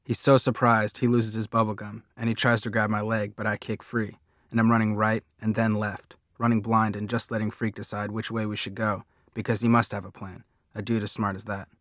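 Narrador de audiolibro de voz grave y monótona. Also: male voice, fairly low pitch, level tone, brisk, fairly bright tone, no room sound, studio quality. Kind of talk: first-person audiobook narration.

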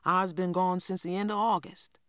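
A shy, timid young boy, as a reader puts him on for an audiobook, his voice lifted a few steps in pitch. He speaks softly and sheepishly, sounding unsure of his welcome. The sound is dry and close to the mic. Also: little pitch movement, normal speed, clear, resonant tone, no echo, lightly acted. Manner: soft, sheepish. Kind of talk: audiobook character voice.

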